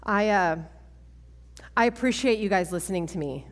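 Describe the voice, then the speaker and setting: A woman, giving a testimony talk at a women's church event, animated and self-mocking, laughing often. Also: medium pitch, normal speed. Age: 40s. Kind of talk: sermon-style testimony talk. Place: large church hall. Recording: long church hall reverb.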